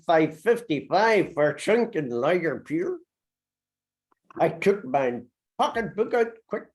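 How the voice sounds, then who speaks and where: A boisterous, beer-loving German immigrant, recited by a man with a German accent speaks slowly in verse. His voice leaps up on the punchlines and sinks back down. The delivery is unhurried and rolling. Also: a little mellow. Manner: dialect verse recitation, sing-song swings in pitch. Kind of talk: poetry recitation.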